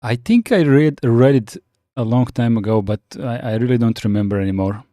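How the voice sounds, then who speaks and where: A man chatting casually on a live stream, reading out viewer comments and answering with frequent pauses and restarts. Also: medium pitch, mellow, no room sound, clean studio sound. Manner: halting, many fillers and restarts, reads chat aloud.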